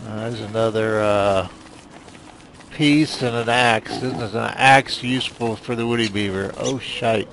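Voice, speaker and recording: A man's voice: mid-range voice, animated, a little slow, slight background noise. A man casually commenting on a video game as he plays, rambling and self-deprecating, often muttering to himself. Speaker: gameplay commentator. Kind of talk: casual let's play commentary.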